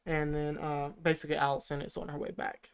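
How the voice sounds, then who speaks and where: A man's voice: on the high side, completely flat delivery, fairly quick, clear, resonant tone. A man co-hosting a podcast, loosely retelling a film plot with lots of fillers. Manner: rambling, filler-heavy retelling. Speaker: podcast co-host. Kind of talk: casual movie recap.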